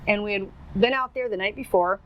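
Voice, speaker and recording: A chatty middle-aged woman tells a long anecdote in an easygoing, animated way. Her voice sits at an ordinary pitch for a woman. A faint hiss runs under the recording. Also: a little fast, lo-fi sound. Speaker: guest, Bigfoot researcher. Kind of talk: casual storytelling.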